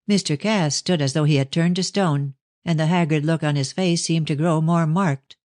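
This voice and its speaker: Steady male audiobook narrator. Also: on the high side, moderate pace, no echo, studio quality. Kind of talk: scripted narration of a mystery novel.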